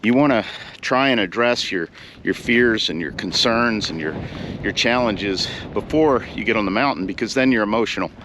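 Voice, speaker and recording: A man with a lowish voice speaks casually outdoors at a summit, still out of breath from the climb. He muses and wanders, restarting sentences and leaning on fillers. A faint hiss of noise sits under his voice. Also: normal speed. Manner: reflective, rambling, with fillers and restarts. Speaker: vlogger, caregiver advocate. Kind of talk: casual talk to camera. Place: outdoors on a mountaintop.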